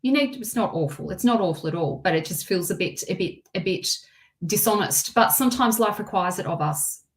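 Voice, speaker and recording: A woman's voice: medium pitch, expressive, a little fast. A woman giving a live-stream tarot card reading. She repeats her phrases and reads viewer comments aloud. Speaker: tarot reader.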